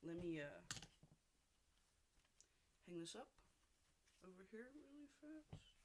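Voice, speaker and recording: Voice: mid-range voice, very animated, slow pace, a little mellow, slight background noise. A vlogger in a casual video diary, rambling and gushing, with frequent restarts and casual swearing, seated at home.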